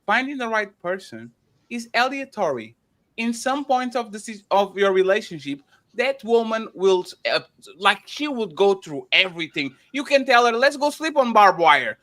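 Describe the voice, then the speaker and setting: A man's voice: high-pitched, big pitch swings, moderate pace, a bit bright. A man hosting a panel show, arguing heatedly, repeating names and words and talking over others.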